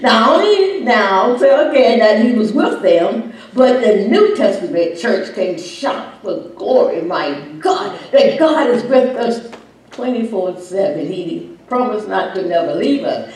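A woman preacher delivering a sermon, emphatic and building to loud, fervent peaks. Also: mid-range voice, lively intonation, a little slow. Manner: emphatic, swelling to loud climaxes. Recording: echoey room, distant mic.

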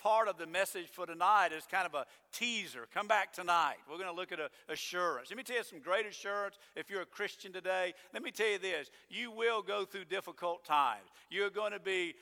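A middle-aged man preaching a sermon as pastor, swinging from loud emphatic declarations down to low, quiet asides. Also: brisk, few pauses. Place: church sanctuary. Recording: long church hall reverb.

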